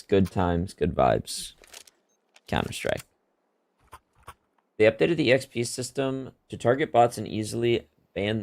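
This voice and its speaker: A man streaming a shooter game live, chatting casually about updates and reacting loudly to the play. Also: on the low side, vocal fry, no room sound. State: hiccuping. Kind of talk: casual live-stream commentary while gaming.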